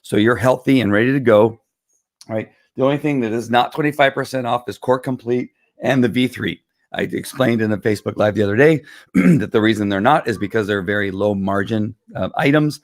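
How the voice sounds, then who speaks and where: Hoarse-voiced man hosting a casual live stream; low voice, dry room, rambling delivery full of fillers. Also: fairly quick, no room sound. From Southern California. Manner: rambling, many fillers and restarts, frequent throat clearing. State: hoarse, losing his voice. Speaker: live stream host selling wellness products. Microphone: computer or phone camera.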